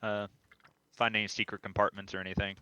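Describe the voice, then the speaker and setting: A man's voice: fairly low pitch, little pitch movement, quick pace, bright, forceful tone, clean tone, lo-fi sound. A man playing a tabletop game who speaks hesitantly, often trailing off. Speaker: player.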